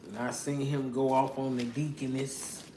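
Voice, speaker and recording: A middle-aged woman with an extremely low-pitched voice reads tarot casually, keeping a level tone and a normal speed. She's blunt, swears freely and laughs a lot, recorded in an echoey room with faint noise.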